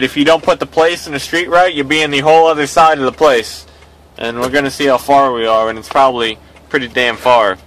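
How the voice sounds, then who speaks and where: A man's voice: mid-range voice, bright, forceful tone, a little hiss or hum, poor audio. A tow truck driver talking casually as he drives, with a griping, sarcastic running commentary. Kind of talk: casual vlog chat while driving.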